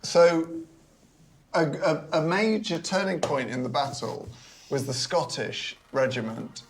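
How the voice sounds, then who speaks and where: A drunk man telling a history story in a rambling, deadpan way. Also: a little high, measured pace, slight background noise. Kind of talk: drunken comic retelling of history.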